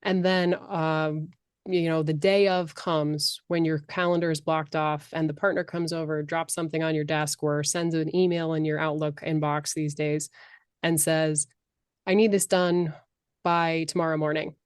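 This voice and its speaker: A middle-aged woman, a life coach, speaking as a podcast guest in a passionate, animated way on a close microphone. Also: low voice, moderate pace, smooth, no room sound. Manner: passionate, animated, acts out voices. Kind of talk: podcast interview.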